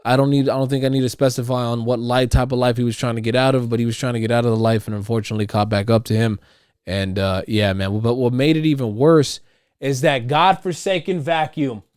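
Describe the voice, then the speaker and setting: A man's voice: mid-range voice, fairly even intonation, fast, clear, resonant tone, no echo, studio quality. Rambling, profane man at home. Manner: profane, rambling, repeats and restarts; riled up and loud when ranting. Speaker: podcast host. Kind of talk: casual monologue. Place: at home, household noise nearby.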